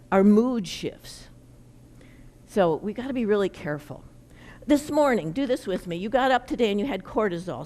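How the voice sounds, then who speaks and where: Middle-aged woman, energetic educator, folksy and chatty, leading a room of parents. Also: on the high side. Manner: lively, folksy, leads the audience in gestures. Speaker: nutrition educator presenting to parents. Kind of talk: interactive workshop talk.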